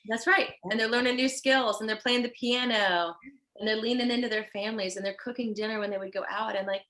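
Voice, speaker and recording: On a low-quality recording, a woman fashion designer guesting on a podcast interview talks fast in a slightly high voice. She comes across as earnest and effusive, getting animated when she tells stories.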